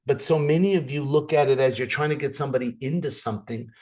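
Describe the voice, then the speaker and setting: A man delivers a motivational sales training talk at a fast clip, his voice mid-range. He's animated, acting out scenes and repeating words to drive points home.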